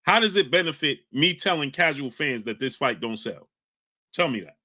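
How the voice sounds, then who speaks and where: A man's voice: medium pitch, animated, normal speed. Fired-up man hosting a live chat. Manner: combative, shouts out chat names. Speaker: livestream host reading chat. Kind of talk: heated live-stream talk.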